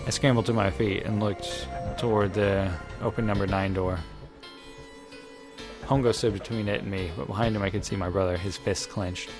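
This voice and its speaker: A man's voice: fairly low pitch, steady tone, normal speed. A man reading a visual novel aloud as a let's player, narrating dramatically with crude asides. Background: game music.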